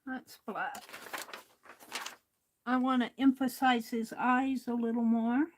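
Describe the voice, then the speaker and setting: A woman talks to herself while she crafts on a livestream. Her speech is slow and unhurried, and her voice sits a little high. She muses aloud as she works. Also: little pitch movement, slight background noise. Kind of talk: casual talk while crafting.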